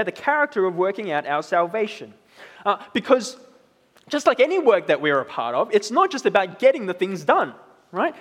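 A man in his thirties preaching a sermon in a relaxed, conversational way, often checking in with "right?". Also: high voice, big-room sound. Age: 30s. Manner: conversational, tag questions like "right?".

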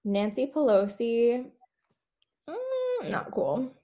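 A woman chatting casually with a friend, playful and quick to laugh. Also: a little high, huge pitch swings, warm tone. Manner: playful, laughing often, rating people as cool or not. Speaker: co-host. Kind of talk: casual chat.

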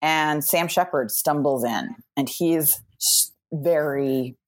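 A woman's voice: low voice, slow. A woman from New York, a comedy podcast guest, telling a casual anecdote over a remote call, chatty and laughing often between phrases. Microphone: remote video call.

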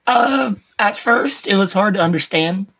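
Husky American man, hesitant guest. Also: high-pitched, animated, sharp tone. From United States. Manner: hesitant, halting. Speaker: podcast guest. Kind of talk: casual podcast chat.

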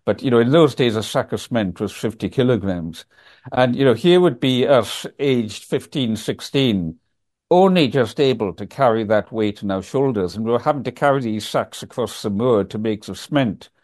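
An older man tells stories in an unhurried, reflective way, pausing on ums and restarting phrases. His voice sits at an ordinary middle pitch and comes across a video call from his office. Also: lively intonation, a little mellow. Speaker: guest. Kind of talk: storytelling in a conversational interview.

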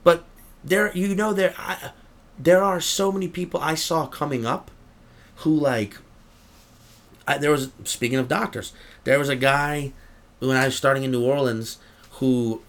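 A man's voice: a little high, measured pace, pauses often. A man, a comedian, chatting casually as an interview guest, rambling and swearing freely. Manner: profane, rambling, animated. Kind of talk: casual chat.

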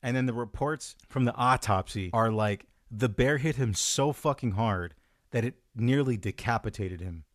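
A man co-hosting a podcast, telling stories in an animated way, laughing often and acting out quotes. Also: medium pitch, moderate pace, dry recording, clean studio sound. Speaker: podcast co-host. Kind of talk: casual chat.

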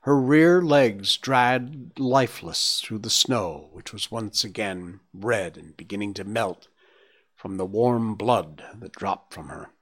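A man narrating a storybook in a measured, dramatic reading. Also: lowish voice, fairly bright tone. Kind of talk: audiobook reading.

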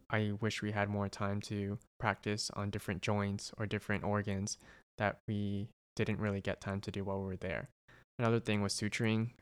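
Casting: young male med student, even, smooth delivery, earnest and reflective, casual chat. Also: lowish voice. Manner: earnest, reflective, thinks out loud with restarts. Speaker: medical student. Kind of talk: casual conversation.

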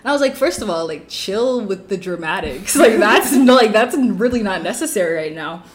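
A woman's voice: medium pitch, animated, normal speed, a crowd in the background. A young woman telling a rambling story on a podcast as a guest, packing her talk with "like". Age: young adult. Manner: rambling, fills with "like" constantly. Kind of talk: casual storytelling.

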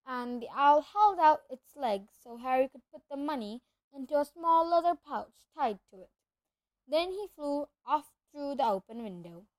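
High-voiced woman reading a storybook. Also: dry recording. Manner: expressive storytelling, lively voices. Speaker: audiobook reader. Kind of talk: reading a children's novel aloud.

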